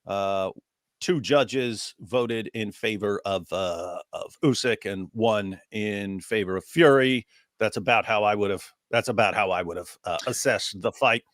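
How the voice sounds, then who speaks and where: A man's voice: lowish voice, measured pace, fairly bright tone, no room sound, studio quality. A man co-hosting a live reaction stream, talking casually and jokily with frequent restarts. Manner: casual, joking, lots of restarts. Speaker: co-host.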